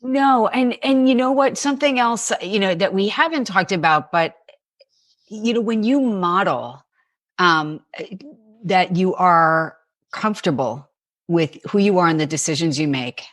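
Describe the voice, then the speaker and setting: Teary woman host, stammering softly. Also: on the low side, unhurried. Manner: emotional, stammering repetitions. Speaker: podcast host, psychologist. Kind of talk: interview conversation.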